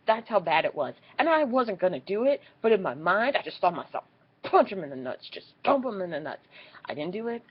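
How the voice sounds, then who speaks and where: A young woman telling a story in a casual vlog, swearing freely and acting out what people said in squeaky high voices. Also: big pitch swings, a little fast, breathy edge, muffled recording. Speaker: vlogger.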